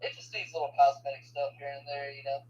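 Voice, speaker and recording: A man's voice: mid-range voice, fairly even intonation, fast, darkish tone, highs cut off. A man in his twenties chatting casually and easygoing with a friend, often saying dude and man. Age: 20s. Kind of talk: casual chat.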